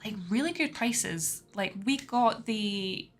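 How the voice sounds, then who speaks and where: A woman's voice: fairly high pitch, lively intonation, takes it slowly, faint music behind. A Scottish woman hosting a casual livestream chat, rambling along with lots of fillers. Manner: chatty, rambling with many fillers, laughs often. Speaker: host.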